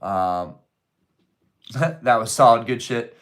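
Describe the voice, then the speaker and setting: A man's voice: lowish voice, lively intonation, moderate pace, fairly bright tone. A man hosting a casual live stream, reading viewer messages aloud and answering them in a loose, joking way with plenty of swearing. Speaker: livestream host reading chat. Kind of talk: casual livestream chat.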